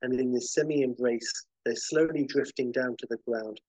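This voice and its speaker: A man hosting a podcast, narrating a film pitch vividly, with occasional fillers. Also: fairly even intonation, normal speed, dark tone, no echo, poor audio. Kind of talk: animated story pitch.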